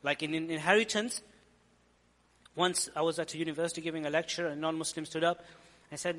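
A man's voice: a little high, steady tone, a little fast, pauses often, a bit bright, in a large hall. A man giving an earnest, explanatory sermon-style lecture as a preacher, often repeating phrases for emphasis. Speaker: Islamic preacher.

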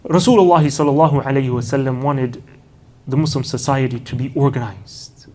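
With a mid-range voice and dark tone, a man lectures on early Islamic history at an unhurried pace. Storytelling drives the talk, sprinkled with Arabic honorifics and casual "you know" asides.

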